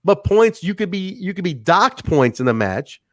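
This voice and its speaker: On this casual wrestling review podcast, a male co-host talks at a normal speed in a voice that sits high. He's animated, laughs a lot, and performs the wrestlers' quotes, all captured in clean studio sound with no room echo.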